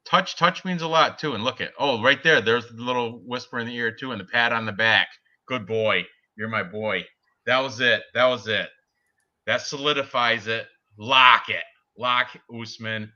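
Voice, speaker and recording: A man co-hosting a casual sports betting chat, talking excitably and laughing at his own jokes. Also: medium pitch, moderate pace, muffled recording. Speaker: podcast co-host.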